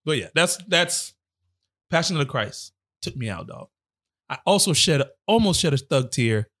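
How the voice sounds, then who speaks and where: A man's voice: a little high, sing-song, normal speed, fairly bright tone. A man in his forties chatting casually as a co-host, teasing and laughing often. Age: 40s. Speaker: podcast co-host. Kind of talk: casual chat.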